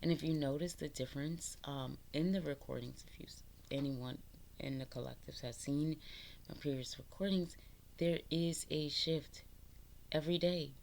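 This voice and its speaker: A woman with a low voice gives a casual spiritual pep talk to her viewers. She swears constantly, laughs a lot and preaches self-worth in a loose, streetwise way. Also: moderate pace, creaky, a little mellow, a little hiss or hum. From New York, the Bronx. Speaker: spiritual vlogger.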